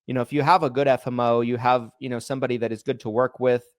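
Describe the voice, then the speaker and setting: Animated man telling stories on a podcast. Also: medium pitch, fast, dry recording, studio quality. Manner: animated storyteller, acts out quoted people. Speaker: podcast co-host. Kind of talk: casual podcast chat.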